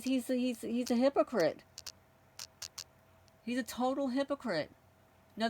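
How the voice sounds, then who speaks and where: A woman's voice: medium pitch, a little hiss or hum. A woman hosting her own channel, talking casually to camera in a blunt, outspoken way and often circling back to repeat her points. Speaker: channel host.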